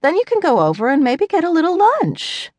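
A woman's voice: very high-pitched, wildly swooping pitch, a little fast, dry recording, studio quality, voice pushed up, exaggerated voice. A woman narrator voicing a sardonic female jackal shifter who looks after her siblings. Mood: exasperated. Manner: sardonic, snappy. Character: sharp, exasperated female jackal shifter, mother figure.

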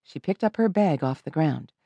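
Lively woman narrating a kids' audiobook. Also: sits low, normal speed, gravelly, slightly rough, no room sound, lo-fi sound. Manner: lively, expressive storytelling.

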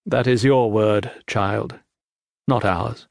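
A man voicing a grim, weary father who speaks coldly and quietly. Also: on the low side, slow pace, creaky, no echo, clean studio sound. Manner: cold, quiet and flat.

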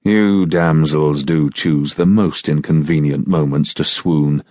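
A man voicing a suave, mild-mannered swordsman who speaks softly with dry irony. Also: extremely low pitch, fairly even intonation, slow, dry recording. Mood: mild, ironic. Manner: soft, mild, dryly ironic. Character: suave mocking male swordsman, cool and mild.

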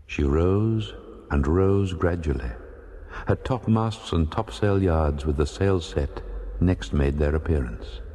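A man narrating a classic sea story in a measured, dramatic storytelling manner. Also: deep voice, warm tone. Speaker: audiobook narrator. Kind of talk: scripted narration of a classic novel. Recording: long hall reverb.

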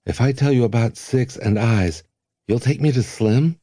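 A man voicing a naive young man who asks wide-eyed questions, his voice rising high as he struggles to understand. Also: normal speed, warm tone, slightly rough, no room sound, clean studio sound, natural voice. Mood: bewildered.

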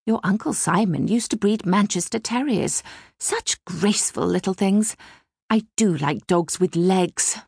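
A woman reads a fussy middle-aged mother who chatters on and gossips. The voice swoops lively and carries a husky, gravelly edge, in a dry close recording. The manner stays prim and scandalised. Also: mid-range voice, unhurried, no room sound, full character voice. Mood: gossipy. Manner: prattling, gossipy, easily scandalised. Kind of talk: audiobook character reading.

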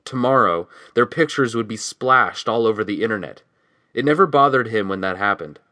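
A man giving steady scripted audiobook narration, reading a novel and voicing its dialogue quietly. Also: on the low side, moderate pace, dry recording.

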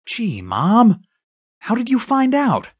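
An eager, restless boy inventor from a storybook, put on by a man reading it aloud, whining one moment and bursting with excitement the next. The voice sits high and leaps around, with a husky edge. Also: a little slow, dry recording, full character voice.

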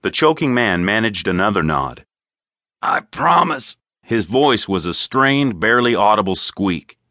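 A man narrating an audiobook in an expressive, crisp storytelling manner. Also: fairly low pitch, moderate pace, no room sound, studio quality. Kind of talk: scripted narration.

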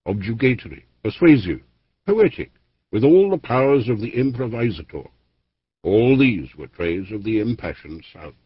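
A man narrates a history audiobook in a formal, measured reading, his low voice rising and falling with lively emphasis. The tone is husky. The recording is dry and a little dull, like an older studio tape. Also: dry recording. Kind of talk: scripted narration of a history book.

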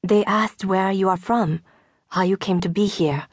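A woman's voice: medium pitch, measured pace, husky, dry recording, studio quality. A woman voicing a direct, earnest French farm widow under forty in an audiobook.

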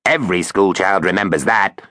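A man's voice: low voice, normal speed, no echo, clean studio sound. A man doing a quacky bragging robot toilet. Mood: boastful. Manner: bragging, impatient, excitable. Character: boastful talking robot toilet, male.

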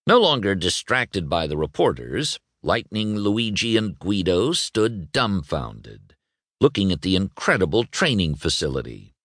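A man reading a children's novel aloud, expressive and voicing every character. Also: low voice, unhurried, no room sound, studio quality. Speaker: audiobook narrator. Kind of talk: scripted storybook narration.

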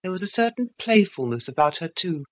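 A woman reading a classic novel as an audiobook narrator, in a measured literary manner. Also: fairly low pitch, sing-song, sharp tone.

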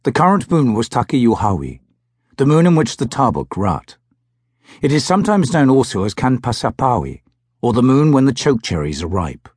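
Male audiobook narrator, first person, measured and expressive, dry close mic. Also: medium pitch, breathy edge, no room sound.

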